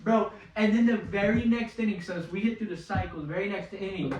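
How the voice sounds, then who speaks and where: A young man telling a baseball story in casual chat. He talks in an animated way, swears a lot and loudly mimics other people's voices. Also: sits high, fast, muffled recording. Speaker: podcast guest, baseball player. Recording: echoey room, mic at a distance.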